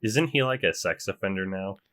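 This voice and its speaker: A man co-hosting a podcast in a dry, deadpan and exasperated way. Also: low voice, fairly quick. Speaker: podcast co-host. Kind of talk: casual chat.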